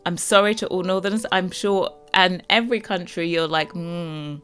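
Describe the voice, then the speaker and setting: A woman's voice: on the low side, steady tone, fairly quick, fairly bright tone, faint music behind. A woman with a London accent chatting casually to her viewers as a Sims builder, rambling with lots of fillers. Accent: London English. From London, England.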